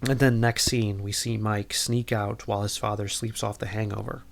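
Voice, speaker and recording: A podcast host with a fairly low voice recaps a movie loosely and casually, rambling and filling his sentences with "like" and "you know." His jokey, irreverent tone carries little pitch movement, a moderate pace, and vocal fry.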